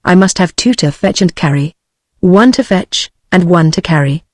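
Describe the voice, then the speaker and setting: Brief: synthetic audiobook voice as a fussy impatient old king, flat delivery, mid pitch. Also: moderate pace, no echo, studio quality, natural voice. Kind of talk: text-to-speech audiobook reading.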